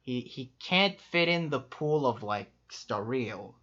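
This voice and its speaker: A man co-hosting a casual chat, talking quickly with lots of fillers and laughs. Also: medium pitch, expressive, pushed and bright. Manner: quick, upbeat, laughs often, many fillers. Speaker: co-host ranking players. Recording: muffled lo-fi audio.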